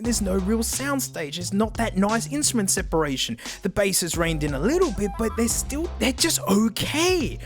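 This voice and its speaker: An Australian man reviewing earbuds in a blunt, joking, casual way, often saying mate. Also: sits high. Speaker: headphone reviewer.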